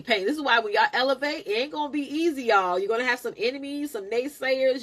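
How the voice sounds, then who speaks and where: A middle-aged woman hosting a live stream, telling a personal story in a casual, animated, preaching way. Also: high-pitched. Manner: animated, preachy, laughs a lot.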